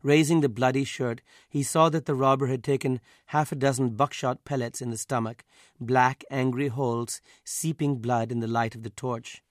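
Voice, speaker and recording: A man, the author, reading his own literary story aloud in a measured, even way. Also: mid-range voice, no room sound, clean studio sound.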